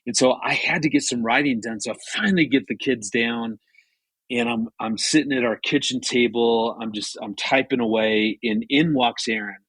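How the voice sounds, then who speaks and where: A man's voice: medium pitch, moderate pace, breathy edge, dry recording. A man in his fifties, a marriage author and guest, talks through a story in a casual radio conversation, earnest, with many restarts. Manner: earnest, many restarts, animated when retelling.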